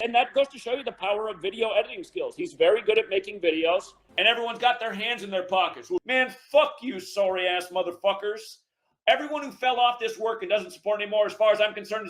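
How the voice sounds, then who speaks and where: A man's voice: high voice, a bit bright. A man hosting a call-in show, ranting angrily and cursing at his listeners. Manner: furious, cursing, insulting listeners. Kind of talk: angry profane rant.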